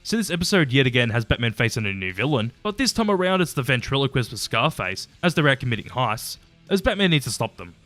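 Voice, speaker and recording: A man racing through a casual review with a lively, swooping delivery. He is chatty and opinionated and tosses in a mild curse now and then. His voice is close and dry, with soft music underneath. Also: mid-range voice, fast talker, few pauses, no echo. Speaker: YouTube episode reviewer. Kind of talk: casual commentary ranking episodes.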